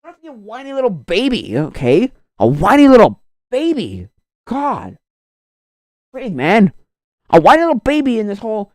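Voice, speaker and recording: A woman's voice: mid-range voice, huge pitch swings, normal speed, darkish tone, no echo. A woman streamer in casual chat, ranting with lots of slang and filler about a movie.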